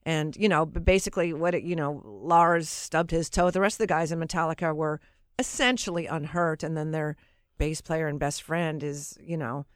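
A woman's voice: low-pitched, normal speed, clear, resonant tone, no room sound, studio quality. A woman who is a guest author, chatting and cutting in with stories. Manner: chatty, cuts in. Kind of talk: casual interview chat.

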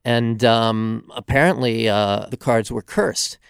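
A male author, a podcast guest, tells long stories in a halting way full of fillers. His voice is smooth and resonant, with a gravelly low edge. The recording is dry and close. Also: fairly even intonation, no echo. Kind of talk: casual interview storytelling.

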